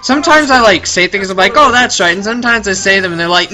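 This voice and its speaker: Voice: mid-range voice, lively intonation, quick pace, few pauses, pushed and bright, faint music behind. A reaction-video host giving chatty, joking commentary over a cartoon.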